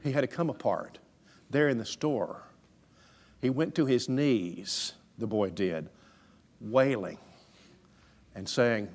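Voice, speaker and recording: A man's voice: medium pitch, slow, pauses often, a little mellow. A man preaching a sermon through stories, folksy, conversational and emphatic. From Alabama, USA. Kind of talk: storytelling sermon.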